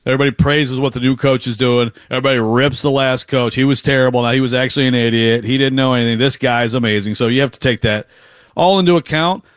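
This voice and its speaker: A sports radio co-host from Western Michigan, talking casually and circling back on his thoughts. His voice sits at a middle pitch, recorded dry and close in the studio. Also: fairly even intonation, fast talker, clear, resonant tone, dry recording. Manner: chatty, rambling with restarts.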